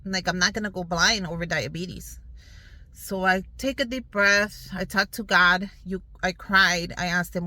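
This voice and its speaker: A woman in her thirties shares her health story in a casual vlog, speaking straight to viewers from a car parked outdoors in the sun. Her medium-pitched voice is bright and forceful at a moderate pace, earnest and upbeat, though the recording is rough.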